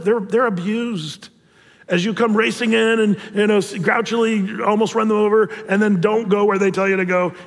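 A man's voice: sits high, big-room sound. A man preaching a casual sermon as pastor, telling jokey stories with lots of restarts. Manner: casual, joking storyteller with many restarts. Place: church auditorium.

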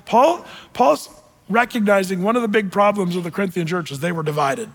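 A male pastor preaching a sermon in an animated way, acting out quoted voices as he explains scripture. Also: high-pitched, fast talker, in a large hall.

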